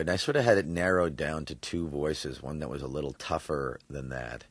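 Deep-voiced new york guy, voice actor being interviewed, lively and laughy, dry studio sound. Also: no echo. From New York, USA. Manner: animated, laughs often, thinks aloud with fillers. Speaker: voice actor guest. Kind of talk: interview answers.

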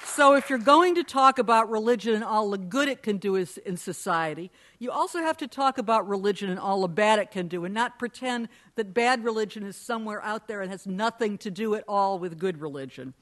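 A woman's voice: mid-range voice, lively intonation, a bit bright, a faint crowd. Woman giving a pointed debate speech. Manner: measured, pointed argumentative delivery. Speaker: debate speaker.

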